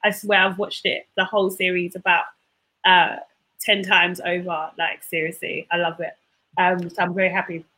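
A woman's voice: lowish voice, little pitch movement, normal speed, pushed and bright, poor audio. A woman co-hosting a podcast in casual chat, upbeat and chatty, with frequent hesitant fillers. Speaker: podcast co-host.

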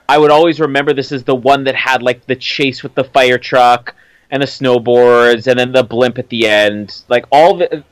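A man's voice: mid-range voice, fairly even intonation, normal speed, clear, resonant tone, dry recording. A man co-hosting a casual film commentary podcast, enthusiastic, with wry asides and frequent laughter. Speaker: podcast co-host.

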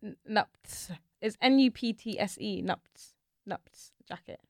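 A young woman co-hosting a podcast, telling stories in an animated, gossipy way. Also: medium pitch, slow pace, vocal fry, no echo, clean studio sound. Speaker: podcast co-host. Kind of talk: casual chat.

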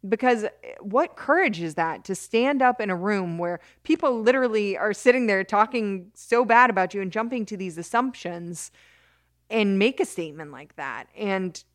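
A woman as an interview guest, telling a story in an animated way with many restarts and bursts of laughter. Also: medium pitch, moderate pace, dry recording, studio quality. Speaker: interview guest, criminal justice advocate.

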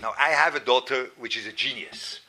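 A middle-aged Swiss man gives an animated, self-mocking storytelling lecture at a Torah class, repeating words and erupting into sudden loud outbursts. His voice is medium-pitched and a little fast, with a noisy background.

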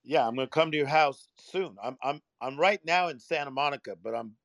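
A man's voice: on the high side, a little fast, creaky, fairly bright tone, no room sound, studio quality. A man chatting in an online audio room, enthusiastic and full of praise for the others.

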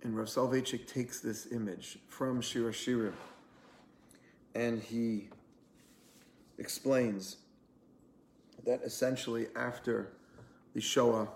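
A man's voice: mid-range voice, fairly even intonation, slow pace, pauses often, a little mellow, echoey room, slight background noise. A man, a rabbi, giving a conversational online Torah class, telling a story with earnest energy and many fillers. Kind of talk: online lunch-and-learn class.

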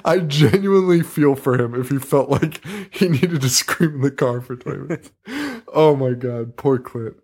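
A man co-hosting a horror movie podcast in casual chat, animated and quick to laugh, swearing freely. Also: medium pitch, breathy edge. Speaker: podcast co-host.

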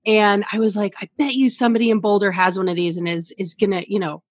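A woman's voice: mid-range voice, fairly even intonation, fast, no room sound. A woman in casual podcast chat, chatty and enthusiastic, laughing and swearing freely.

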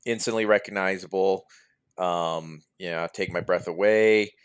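A man hosting a casual podcast chat, animated and laughing often as he tells stories. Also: low-pitched, normal speed, clean tone. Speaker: podcast host.

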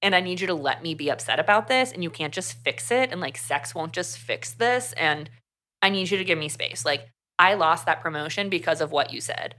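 A young woman co-hosting a podcast, casually retelling a book's plot in an animated way, full of "like". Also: fairly low pitch, a little fast. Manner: chatty, animated retelling with lots of "like". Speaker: podcast co-host. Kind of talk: casual book review chat.

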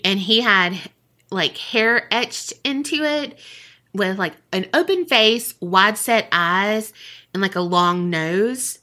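A woman co-hosting a podcast tells a story in a pushed, bright, medium-pitched voice. Her chat is casual and profane, full of "like" and "you know," and she giggles often.

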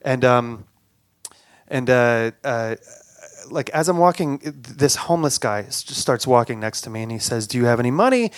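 A man telling a personal story live, halting often, with stammers and repeated words. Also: medium pitch, no room sound, studio quality.

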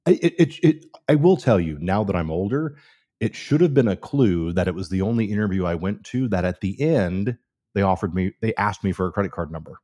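A man's voice: low-pitched, fairly quick. A man in his forties, a real estate guest on a podcast, telling stories and acting out the people in them. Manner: animated storyteller, acts out quoted dialogue. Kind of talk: casual podcast chat.

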